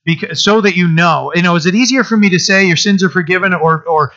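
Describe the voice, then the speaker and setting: A man preaching a conversational sermon to his church, reading scripture and explaining it with restarts and animated asides. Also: sits high, fast. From Maine. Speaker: pastor. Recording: dull lo-fi sound.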